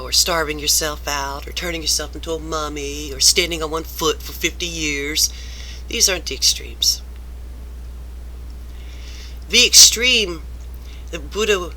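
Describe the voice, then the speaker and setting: A woman's voice: deep voice, sharp tone, a little hiss or hum. A woman vlogger ranting about work, rambling and exasperated, turning self-reflective. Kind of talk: rambling personal rant to camera.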